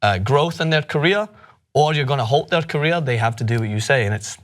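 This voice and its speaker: A man's voice: medium pitch, expressive, brisk, a bit bright. A man co-hosting a sports news chat, giving blunt, indignant opinions with frequent restarts. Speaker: co-host. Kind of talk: casual news commentary.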